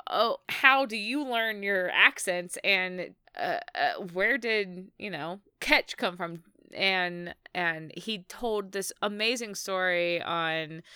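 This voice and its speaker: Podcast co-host, woman, slow, crisp bright voice, chatty with frequent laughs. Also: mid-range voice, no echo, clean studio sound. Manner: chatty, laughs often, many restarts. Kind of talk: casual chat.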